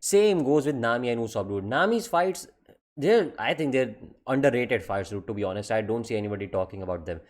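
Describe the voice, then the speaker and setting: Man, middle pitch, fast-talking exasperated ranter, heavy swearing, emphatic. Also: darkish tone. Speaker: anime commentary creator. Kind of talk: comedic rant.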